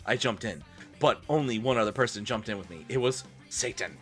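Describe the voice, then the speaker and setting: Bright-voiced man doing a mock-dramatic reading. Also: lowish voice, animated, fairly quick, soft background music. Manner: mock-dramatic, wry asides. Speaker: streamer.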